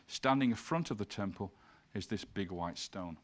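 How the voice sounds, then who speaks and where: A man's voice: on the low side, lively intonation, moderate pace. A man giving an illustrated lecture, explaining slides point by point and reading passages aloud. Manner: reads scripture passages aloud.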